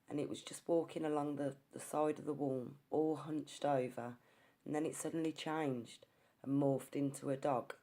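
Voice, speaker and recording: A woman's voice: extremely low pitch, mellow. A woman narrating her ghost-hunting experience in an earnest, storytelling way, sometimes restarting her words. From England. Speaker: ghost hunter. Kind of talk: narrated ghost-hunt account.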